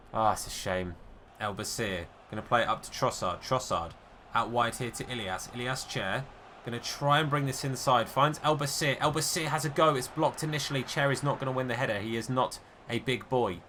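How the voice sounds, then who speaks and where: Bright-voiced man commentating his own gameplay. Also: medium pitch, fairly quick, slight background noise. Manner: chatty, self-deprecating, swings between excited and deflated. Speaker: gaming YouTuber. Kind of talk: live commentary over his own football video game.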